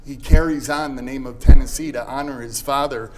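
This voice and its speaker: A man's voice: mid-range voice, fairly even intonation, brisk. A man, an actor, talking earnestly about his one-man play with some fillers. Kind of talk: interview, reading a letter aloud.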